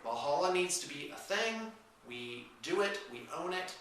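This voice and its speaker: A man's voice: high-pitched, animated, normal speed, a bit bright, slight background noise. A man hosting a casual morning show, chatting with playful, theatrical outbursts. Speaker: host. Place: room with whiteboard, indoors. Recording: echoey room from far off.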